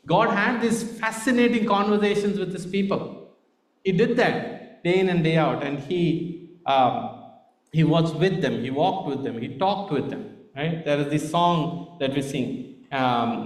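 A man's voice: on the high side, measured pace, echoey room. Indian-accented man preaching conversationally. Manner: conversational, frequent "right?" tags. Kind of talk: sermon.

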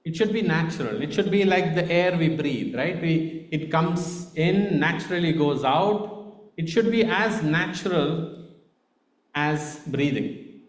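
A man's voice: fairly high pitch, slow, reverberant. A man with an Indian accent giving a conversational sermon, often checking in with "right?". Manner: conversational, frequent "right?" tags. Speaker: preacher.

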